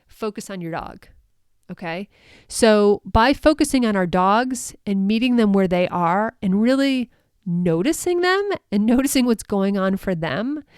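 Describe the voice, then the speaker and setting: A woman with a clean-toned, mid-range voice hosts a solo podcast coaching dog sport handlers. Her manner is upbeat and chatty, sprinkled with fillers and frequent laughter. There's no room sound, and the quality is studio-grade.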